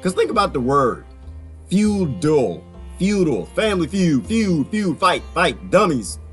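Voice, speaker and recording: Male vlogger, somewhat high voice, loose and jokey, faint background music. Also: big pitch swings, a little slow, fairly bright tone. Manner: rambling, jokey, laughs often, repeats phrases. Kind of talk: casual monologue.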